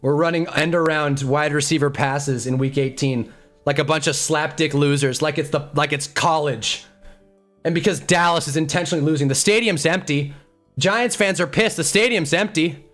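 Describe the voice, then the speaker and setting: A man hosting a live stream, ranting about his football team with profanity and rapid rhetorical questions. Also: fairly high pitch, soft background music. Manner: flat, deflated muttering. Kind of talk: heated live-stream sports rant.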